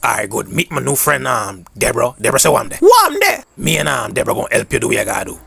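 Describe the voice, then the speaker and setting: A man voicing a short-tempered castaway cook in a cartoon, cursing in loud Jamaican patois. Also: mid-range voice, wildly swooping pitch, fast, vocal fry, breathy edge, no room sound, heavily acted. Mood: sly.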